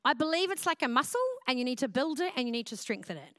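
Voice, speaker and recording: A woman preaching a sermon in a loud, expressive style. Her voice is fairly high, smooth and resonant. It sounds close and dry, with almost no room echo. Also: fast talker. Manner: loud, expressive preaching with acted self-talk. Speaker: pastor.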